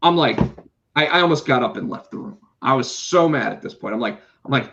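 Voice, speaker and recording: Animated storytelling man, lo-fi sound. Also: fairly high pitch, normal speed. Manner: animated, swears, acts out quotes. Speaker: podcast co-host, comic book artist. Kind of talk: casual storytelling chat. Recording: slightly dull lo-fi sound.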